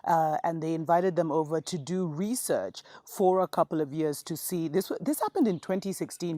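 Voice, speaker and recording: A woman with a low, mellow voice preaches in an earnest, insistent way. She keeps calling her listeners beloveds, and the sound is close and dry. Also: moderate pace, few pauses, dry recording. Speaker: online preacher in a played clip. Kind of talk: conspiratorial preaching.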